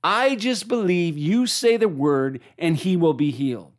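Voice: mid-range voice, measured pace, lightly acted. A preacher voicing a humble Roman army officer who pleads earnestly, in a plain everyday voice.

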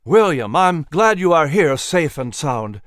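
A man's voice: a little high, very animated, a little slow, dry recording, clean studio sound. A man playing a grave colonial statesman who speaks with solemn, rhetorical weight. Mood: earnest. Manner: solemn, then impassioned rhetoric.

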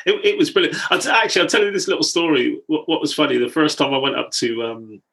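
A man's voice: fairly high pitch, fast, gravelly, fairly bright tone. A man from England hosting a casual chat, telling anecdotes in a chatty way and laughing easily. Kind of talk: casual conversation.

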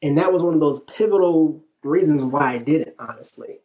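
A man from northern Illinois, a guest on an interview show, telling a personal story with lively narration, acting out the dialogue and laughing often. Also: fairly high pitch, brisk. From northern Illinois, USA.

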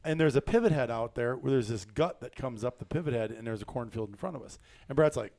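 A man's voice: medium pitch, fast, vocal fry. A man hosting a hunting chat, telling stories with lots of laughs and quoted voices. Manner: excited storyteller, laughs often, acts out quotes. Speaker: hunting podcast host. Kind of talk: casual storytelling chat.

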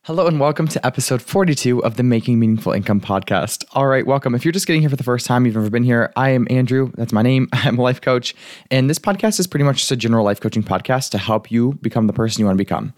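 A man's voice: mid-range voice, animated, quick pace, a little mellow, no echo, clean studio sound. A young man, a life coach, hosting his podcast in a chatty, rambling way, laughing often and saying "like" a lot. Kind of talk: casual solo podcast talk.

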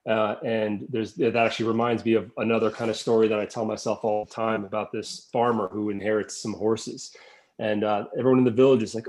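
A man in a casual discussion, telling a parable in a relaxed way with lots of fillers. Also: on the low side, brisk. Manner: easygoing storyteller, many fillers.

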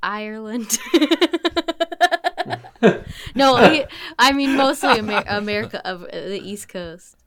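A woman in a casual podcast chat, coy and giggling between her answers. She talks slowly, taking her time over each phrase. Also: mid-range voice, a crowd in the background. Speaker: podcast guest.

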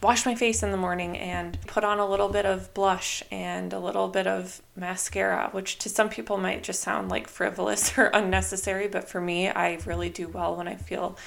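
A young woman talks through her own podcast in a loose, chatty way, dropping "like" and "you know" all through her sentences. Her voice sits in a middle range with a gravelly fry at the ends of phrases, and she slips into livelier voices when she quotes herself. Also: medium pitch, flat delivery, moderate pace, few pauses. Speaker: podcast host. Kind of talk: casual solo podcast talk.

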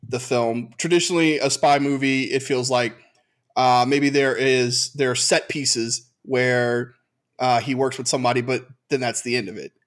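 A man on a podcast panel in casual chat, explaining his points at length with halting restarts. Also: medium pitch.

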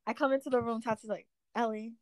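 A high-pitched young woman in casual podcast chat. She jumps in eagerly to add her side of the story and laughs along with her friend. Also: expressive, normal speed, bright, forceful tone, dry recording. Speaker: podcast co-host.

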